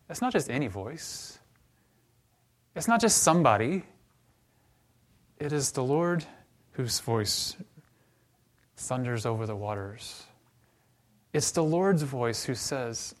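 A man's voice: on the high side, lively intonation. Man preaching a storytelling sermon. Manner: storytelling, then softer and slower toward the closing prayer. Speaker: pastor.

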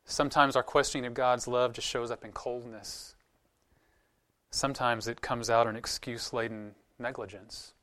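A man's voice: mid-range voice, steady tone, normal speed, bright, forceful tone. A male pastor giving a sermon in a conversational, earnest way, often putting questions to the congregation.

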